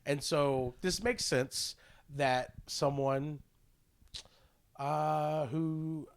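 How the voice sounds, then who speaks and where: Young guy rambling on a podcast, kinda high voice, lots of uh and like, swears a bunch. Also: steady tone, drawn-out words, clear, resonant tone. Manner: rambling, many fillers and restarts, laughs often, swears. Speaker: podcast co-host. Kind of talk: casual podcast chat.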